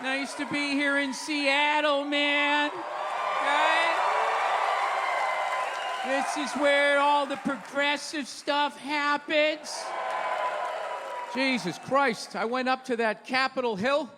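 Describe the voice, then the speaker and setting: An older man rants through a stand-up set in a high, strained voice that bursts into shouts on the punchlines. His cursing, riled-up delivery rings through a big reverberant hall, with a crowd laughing and clapping behind him. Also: fairly even intonation, slow, pauses often. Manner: loud, ranting, profane, often shouting punchlines. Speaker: stand-up comedian. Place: large theater stage before a crowd. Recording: live hall reverb, loud crowd noise. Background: audience laughter and applause.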